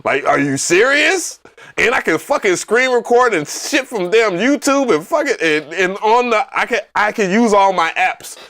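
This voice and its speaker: A man hosting a casual livestream, telling stories in an animated, profane way with loud excited outbursts. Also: high voice, moderate pace, few pauses. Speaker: livestream host.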